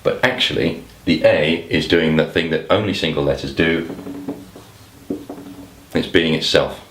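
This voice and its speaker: A man's voice: extremely low pitch, a little slow, a bit bright, echoey room, a little hiss or hum. A man teaching how to solve crossword clues, thinking aloud with asides and small restarts. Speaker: crossword tutor. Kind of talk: explanatory lesson to camera.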